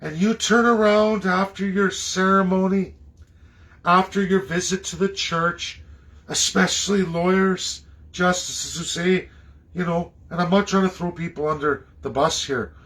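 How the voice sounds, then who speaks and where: A man from Canada delivering an impassioned political rant, firing off rhetorical questions and swinging into high, mocking tones. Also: fairly even intonation, a little slow, fairly bright tone. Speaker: political commentator.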